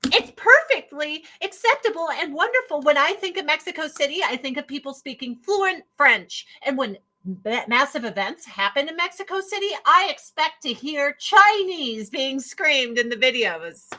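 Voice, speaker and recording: Woman, high bright voice, unhurried, sarcastic, profane, exasperated stream rant. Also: animated, low-quality recording. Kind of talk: casual ranting commentary.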